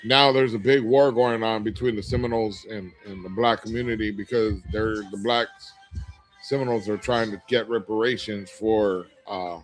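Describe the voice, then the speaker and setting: A man's voice: lowish voice, fairly even intonation, normal speed, faint music behind, low-quality recording. A middle-aged man hosting a casual livestream, reading viewer comments aloud and talking candidly, rambling with fillers and restarts. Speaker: livestream host.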